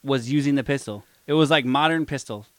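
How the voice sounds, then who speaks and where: A man co-hosting a podcast, a streamer talking in relaxed, profane casual chat. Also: mid-range voice, fairly quick. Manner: relaxed, profane, acts out quotes.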